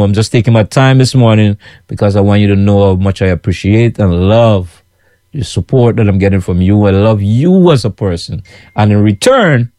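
Recorded dry in studio quality, this man's voice is lowish and mellow. He's a Guyanese food vendor with his own kitchen who talks chattily and repetitively to followers, often checking "you know what I'm saying".

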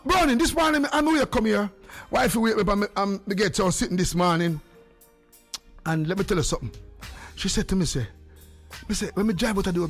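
Exuberant high-voiced Jamaican radio host. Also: male voice. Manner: exuberant, patois-heavy, breaks into sung lines. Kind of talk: lively call-in radio chat.

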